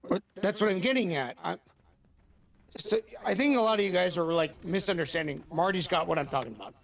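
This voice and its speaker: Argumentative male guest, blunt and frustrated, fairly high pitch. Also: fairly quick, vocal fry, a bit bright. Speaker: guest on a stream call. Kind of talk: live stream debate.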